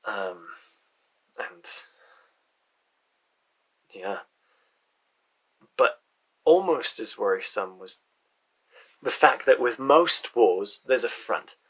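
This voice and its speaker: A man telling his own ongoing story in a casual, halting way, sighing often and restarting sentences. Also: mid-range voice, sharp tone, slightly rough. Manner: halting, with frequent sighs and restarts. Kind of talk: casual first-person storytelling.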